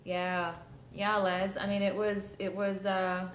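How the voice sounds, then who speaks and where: A woman's voice: mid-range voice, little pitch movement, takes it slowly, a little hiss or hum. A woman hosting a live stream, talking candidly to her viewers, with many fillers and restarts. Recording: echoey room, faint ambience.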